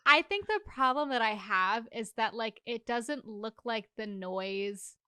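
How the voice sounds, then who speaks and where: Bright, crisp-voiced woman podcast co-host. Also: fairly high pitch, expressive, a little slow, no room sound, clean studio sound. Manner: candid, blunt, swears casually. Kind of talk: casual recap chat.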